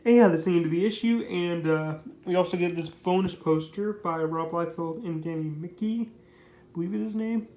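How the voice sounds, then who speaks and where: Guy doing a casual comic review, kinda high pitched, talks in circles, lots of echo. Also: normal speed, warm tone. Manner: rambling, heavy on fillers like "basically" and "like"; enthusiastic, repeats his praise. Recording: roomy echo.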